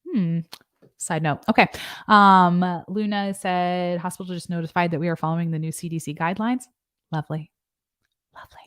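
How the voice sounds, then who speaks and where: A young woman nurse practitioner talks through guidelines on a casual livestream, joking with asides and reading out viewer comments. Her voice sits a little low for a woman. The sound is dry and close, with no room echo. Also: steady tone, moderate pace, fairly bright tone, clean tone. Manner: chatty and joking, with asides and fillers. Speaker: nurse practitioner and channel host.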